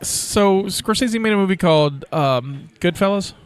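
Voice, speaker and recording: A man's voice: sits high, lively intonation, measured pace, smooth. A man in a casual podcast chat about movies, rambling and hesitant, with many fillers. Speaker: podcast host.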